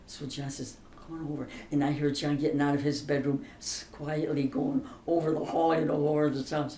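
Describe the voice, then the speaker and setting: Her voice is low, level and dark, and she speaks a little fast. An older woman shares family stories in a casual interview, chatty and emphatic and laughing as she goes, captured on a distant mic in a roomy space with faint background hiss.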